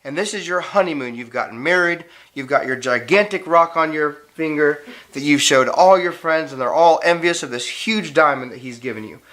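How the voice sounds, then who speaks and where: A man's voice: a little high, moderate pace, few pauses, a bit bright. A middle-aged man, a father teaching his daughter, telling a playful, dramatic story to make a lesson point. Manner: dramatic, playful, builds suspense.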